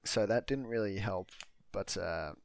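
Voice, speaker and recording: A man's voice: fairly low pitch, unhurried, gravelly. A man casually recapping a film as a podcast co-host, rambling through the plot with fillers and swearing. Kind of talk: casual chat.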